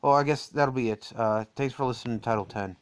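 Talking fast in a clean, mid-range voice, an adult American man runs a casual solo podcast. He rambles and drifts off topic, filling it with "uh"s and restarting his sentences.

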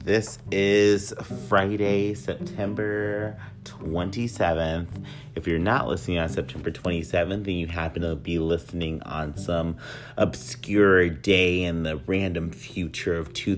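A man in his thirties with a nasal voice, hosting a casual solo podcast in a joking, rambling way that often mocks himself. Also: low voice. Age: 30s. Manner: joking, rambling, self-mocking. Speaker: podcast host.

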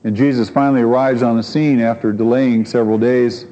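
A man preaches a sermon in a mellow, dark voice, earnest and emphatic, turning often to rhetorical questions. The sound is muffled and lo-fi, carried by a long reverb from a large hall. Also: medium pitch, steady tone, fairly quick.

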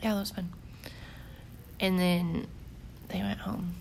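A woman's voice: on the low side, level tone, takes it slowly, creaky, a little mellow, a little hiss or hum, poor audio. A young woman with the hiccups, chatting casually and rambling through a trip recap with lots of fillers. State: has the hiccups. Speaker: volunteer recapping a church trip. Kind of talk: casual chat.

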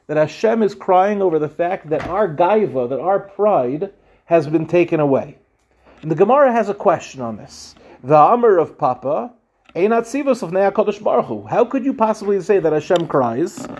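A male rabbi teaching a Talmud class. He asks questions and answers them himself, translates each quote, and slows right down on the Aramaic phrases. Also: high voice, expressive, darkish tone, muffled recording. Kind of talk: Talmud lecture.

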